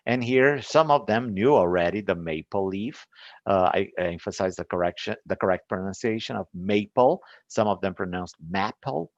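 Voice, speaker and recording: A man from Brazil with a Brazilian Portuguese accent, an English teacher recounting a lesson in a relaxed, chatty way with fillers and small laughs. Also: sits low, normal speed, no room sound, dull audio.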